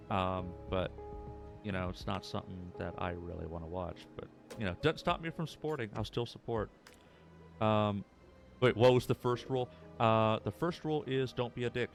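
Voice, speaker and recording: A young man rambles through a casual story with a lowish voice and lots of fillers. Faint music plays behind him. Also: moderate pace, gravelly. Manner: rambling, laid-back, full of fillers. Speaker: streamer in a recorded clip.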